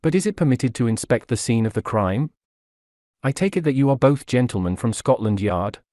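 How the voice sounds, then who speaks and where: A man voicing a slow-drawling American gentleman, polite and genteel, with an American accent. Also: medium pitch, animated, no room sound, studio quality, close to an everyday voice. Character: slow-drawling American male art collector.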